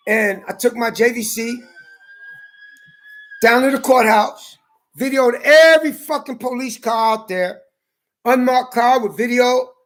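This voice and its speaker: Heated high-voiced man ranting. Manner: profane, heated, shouting at times. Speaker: ranting commentator. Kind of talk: angry personal rant and storytelling.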